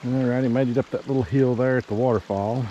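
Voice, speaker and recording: A man's voice: medium pitch, fairly even intonation, quick pace, muffled recording, background noise. A man who has a cold, giving a casual, rambling walking tour of riverside land as a real estate agent. He is out of breath from climbing and sniffling. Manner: casual, folksy, rambling with fillers. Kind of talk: walking property tour vlog. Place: outdoors on wooded riverside land.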